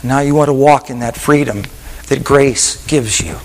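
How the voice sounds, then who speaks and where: A male pastor preaching a sermon with an altar call, telling stories in a voice that drops to hushed whispers and rises to emphatic peaks. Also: mid-range voice, moderate pace, big-room sound, rough recording.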